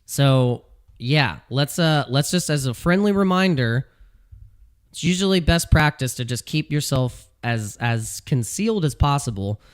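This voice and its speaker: A man giving casual commentary as a video host, animated and ranting, repeating phrases and laughing at his own jokes. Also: medium pitch, a little slow, smooth. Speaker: crypto YouTuber. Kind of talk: casual talking-head commentary.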